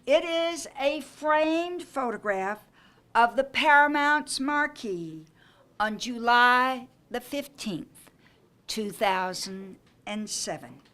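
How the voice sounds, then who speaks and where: Older woman host, welcome speech at a home reception, high and bright, unhurried, anecdotal, lightly funny. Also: animated. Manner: gracious, anecdotal, with light humor. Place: private home during an evening reception.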